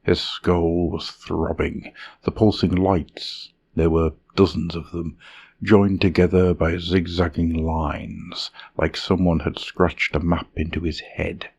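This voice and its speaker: Deep gravelly male fantasy narrator. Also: little pitch movement, a little mellow. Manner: measured, dramatic reading. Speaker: storyteller.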